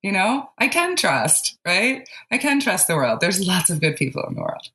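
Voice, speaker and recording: Low-voiced laughing woman storyteller. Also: sing-song, moderate pace, sharp tone. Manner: laughing storyteller, lots of fillers. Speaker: podcast guest. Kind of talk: casual spiritual chat.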